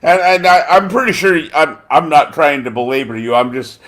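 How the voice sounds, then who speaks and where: A man's voice: a little high, animated, normal speed, a bit bright, slight background noise. A man hosting a casual chat, rambling and swearing, often groping for names with lots of fillers. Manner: rambling and profane, gropes for names with many fillers. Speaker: podcast host.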